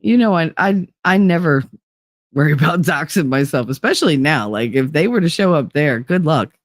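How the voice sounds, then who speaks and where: A woman's voice: low voice, moderate pace, no room sound, studio quality. Blunt, profane middle-aged woman chatting. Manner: blunt, profane, animated storytelling. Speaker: vlogger. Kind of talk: casual chat.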